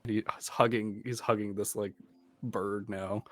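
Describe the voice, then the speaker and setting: A man narrating as game master in a relaxed, meandering way, with many ums. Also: fairly low pitch, measured pace, dry recording.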